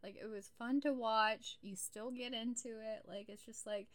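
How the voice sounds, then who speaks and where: A woman's voice: a little high, fairly even intonation, normal speed, a bit bright. A young adult woman co-hosting a podcast in casual chat, blunt, sarcastic and emphatic. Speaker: podcast co-host.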